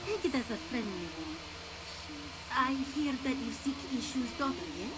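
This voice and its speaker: An actress voicing a mysterious woman stranger in a video game, smooth, condescending and politely threatening. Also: on the high side, animated, normal speed, a bit bright, poor audio. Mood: taunting. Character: mysterious woman stranger, silky and veiled-menacing. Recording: game audio with music behind.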